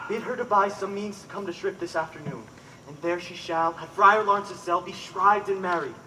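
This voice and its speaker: A man's voice: high-pitched, normal speed, bright, forceful tone, distant mic, slight background noise, low-quality recording. A man playing an earnest young lover. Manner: earnest, declamatory. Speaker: stage actor. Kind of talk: live outdoor Shakespeare performance.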